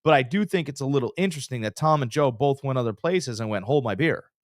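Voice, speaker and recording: A man co-hosting a casual sports podcast, his pitch swinging widely as he spins stories. He trails off and restarts often. The sound is dry and close to the mic. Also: quick pace, no room sound. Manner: animated storyteller, trails off and restarts.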